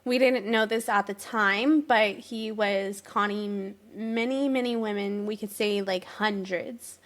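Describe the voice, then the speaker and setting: A woman's voice: mid-range voice, fairly even intonation, unhurried. A woman guest on a talk show, chatting earnestly and telling her story, sometimes searching for words. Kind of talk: casual interview chat.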